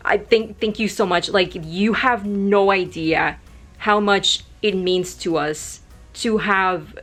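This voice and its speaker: A young adult woman vlogging, talking to camera in an emotional, grateful way, rambling with many fillers. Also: mid-range voice. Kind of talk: casual talk to camera.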